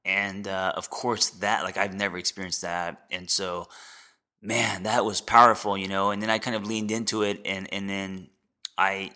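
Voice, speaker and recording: A man in his forties, a podcast host and therapist, sharing a candid personal story in a reflective, halting way with many fillers and restarts. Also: low voice, little pitch movement, pushed and bright. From United States.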